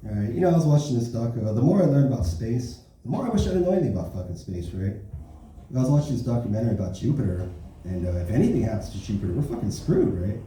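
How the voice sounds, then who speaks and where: A man doing a stand-up comedy set at an open mic, telling rambling profane stories with a steady stream of tag questions. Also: medium pitch, fast, slight background noise. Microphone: handheld stage mic. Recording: roomy club sound from far off.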